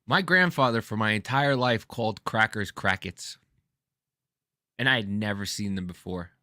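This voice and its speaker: A middle-aged man tells a personal story in loose, earnest chat, cursing freely and tripping over his own restarts. His voice is bright and forceful, recorded close and dry with no room sound. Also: fairly low pitch, normal speed, no echo. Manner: swearing, stumbling restarts, earnest.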